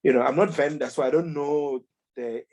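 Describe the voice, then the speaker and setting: A man in a book club discussion, talking casually and retelling events with lively quoted voices and many restarts. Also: fairly high pitch, normal speed, gravelly.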